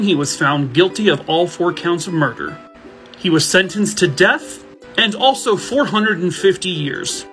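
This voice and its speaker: A man's voice: a little high, fairly bright tone. A man narrating true crime cases in a casual way, dropping wry jokey asides.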